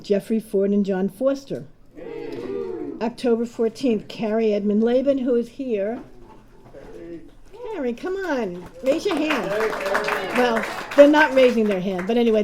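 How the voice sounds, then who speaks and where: A woman's voice: medium pitch, warm tone. A woman hosting a reading series, making casual announcements and stumbling over names. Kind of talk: event announcements. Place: bar reading event.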